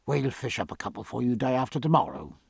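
A man's voice: medium pitch, sing-song, quick pace, creaky, breathy edge, dry recording, studio quality, full character voice. A man voicing a firm, grave young naval lieutenant who speaks with polite respect.

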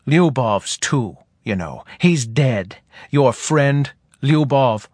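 Man doing a hoarse, bitter colonial officer. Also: expressive, very slow, a little mellow, dry recording, studio quality, exaggerated voice. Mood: accusing. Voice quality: deep, hoarse voice. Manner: harsh, savage outbursts. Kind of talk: audiobook character reading.

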